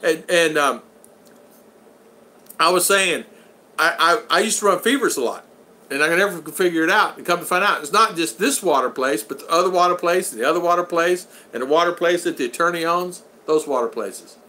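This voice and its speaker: A man's voice: on the high side, a little fast, bright, forceful tone. An older American man hosting a casual livestream, reading viewers' chat aloud, greeting them by name and laughing often. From United States.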